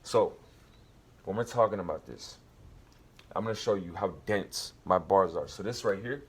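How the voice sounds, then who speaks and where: Low-voiced man teaching rap technique. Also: slightly rough. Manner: explains slowly, counts out beats and syllables, raps verses to demonstrate. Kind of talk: casual instructional talk.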